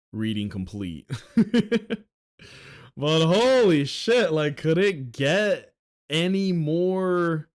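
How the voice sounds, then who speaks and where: A man's voice: mid-range voice, clean tone. A young man from the Philadelphia area ranting sarcastically on a livestream at a desk mic, profane and exasperated.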